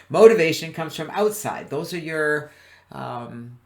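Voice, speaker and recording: A man's voice: a little high, expressive, slow pace, creaky, a little mellow. A man presenting a motivational webinar in an upbeat way, often chuckling and putting questions to his audience. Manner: chuckles between points.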